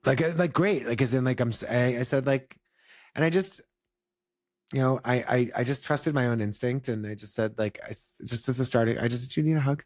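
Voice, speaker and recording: A man's voice: mid-range voice, moderate pace, no room sound, studio quality. A man who teaches yoga, chatting casually and reflectively, full of "like" fillers and restarts. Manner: rambling, many "like" fillers and restarts. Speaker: yoga teacher and podcast co-host.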